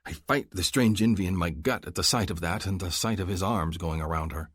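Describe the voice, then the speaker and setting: A man's voice: low-pitched, fairly quick, husky, no echo. A man narrating an audiobook in the first person, in an earnest, brooding way, close to a studio mic.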